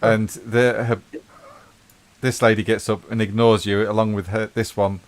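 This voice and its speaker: A man's voice: on the low side, level tone, normal speed. Man narrating as game master. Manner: descriptive, easygoing narration with fillers.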